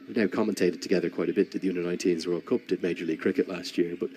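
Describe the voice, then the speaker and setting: A man's voice: deep voice, steady tone, racing, mellow, soft background music. A man commentating live on a cricket match while telling a long, rambling anecdote, with frequent restarts.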